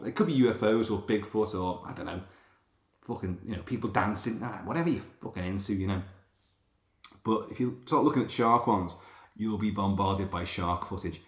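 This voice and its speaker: A man hosting a podcast, talking in a rambling, sweary, animated monologue. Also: on the low side. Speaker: podcast host. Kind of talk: casual monologue. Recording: roomy echo.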